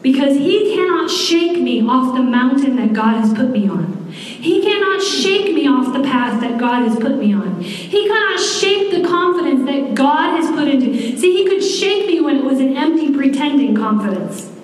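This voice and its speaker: A woman's voice: sits high, big pitch swings, normal speed. A woman in her forties preaching a sermon, talking candidly and conversationally with personal asides. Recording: echoey hall from far off.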